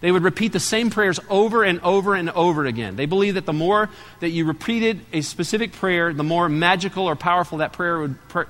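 A middle-aged pastor preaching a sermon, telling a story with lively swings between loud and hushed delivery. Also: male voice, high-pitched, a little fast, hardly any pauses, long reverb tail.

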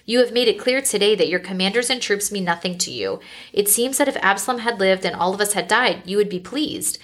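A woman's voice: mid-range voice, lively intonation, brisk, a bit bright. A woman reading the lines of a stern male army commander as he scolds his king.

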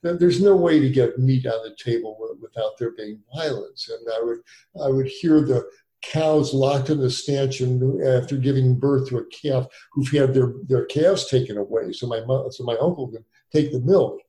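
A man in his sixties, a doctor, tells long stories in an interview and keeps restarting his sentences. His voice is warm and mellow. The sound is roomy and echoey. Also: mid-range voice, normal speed. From United States. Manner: rambling with many restarts and fillers. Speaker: physician guest. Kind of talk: conversational interview storytelling. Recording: echoey room.

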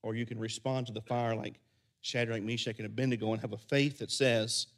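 Animated preaching man. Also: medium pitch, a little fast. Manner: animated preaching, voices characters in loud bursts and drops to soft quiet endings. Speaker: pastor. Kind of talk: sermon.

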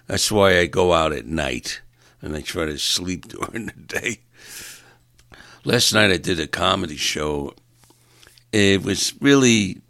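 Low gravelly guy doing an exasperated comedy rant, dry close sound. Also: animated, measured pace, long pauses, fairly bright tone, dry recording. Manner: exasperated, ranting, repeats words when stuck. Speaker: stand-up comedian. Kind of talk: rambling comic monologue.

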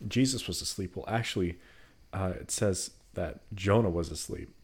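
A man in casual conversation about a Bible story, animated and quick to laugh. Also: low-pitched, slightly rough. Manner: animated, acts out quotes with laughs.

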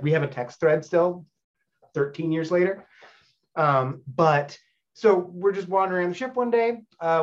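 A man in his thirties, a stage actor, telling casual anecdotes in a rambling, animated way. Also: fairly high pitch, dull audio. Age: 30s. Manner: rambling with frequent fillers and restarts, animated storyteller.

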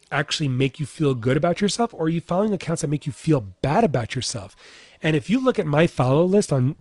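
A man's voice: a little high, darkish tone, dry recording. Chatty man, a fitness coach. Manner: chatty, lots of "like" and "right?". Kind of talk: casual motivational talk.

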